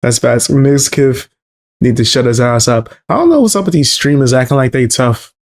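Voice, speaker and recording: A man's voice: medium pitch, animated, moderate pace. A man with a mid-range voice talks in casual stream chat. He is laid-back and blunt, with the occasional chuckle.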